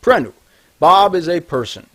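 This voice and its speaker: A man narrating a language tutorial, scripted and deliberate, slowing down to enunciate example sounds clearly. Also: fairly high pitch, big pitch swings. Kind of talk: scripted instructional voice-over.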